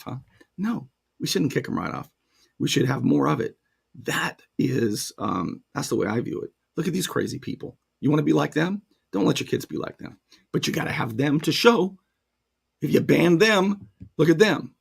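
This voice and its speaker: A man's voice: medium pitch, vocal fry, husky. A man hosting a talk show, delivering sarcastic, opinionated commentary and mocking other views. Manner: sarcastic, animated, mocking voices.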